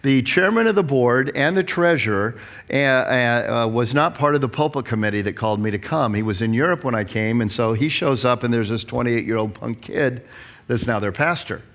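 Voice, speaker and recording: Pastor guy in his 60s giving a talk, tells lots of stories, acts out quotes, pretty lively. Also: mid-range voice, brisk. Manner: storytelling, animated, acts out quotes.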